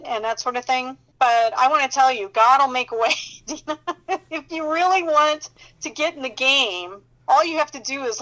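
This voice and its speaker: A woman sharing faith testimonies in an emphatic, animated way, often laughing as she talks and checking in with the listener directly. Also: high voice, normal speed, poor audio. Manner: addresses listener directly with "okay?" and "you know".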